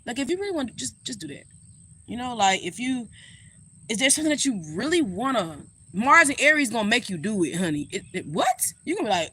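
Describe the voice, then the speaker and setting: Sassy, bright-voiced woman astrologer. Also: on the high side, fairly quick, slight background noise. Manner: sassy, animated, swears freely, talks straight to viewers. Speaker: astrologer and spiritual reader. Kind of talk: casual astrology reading.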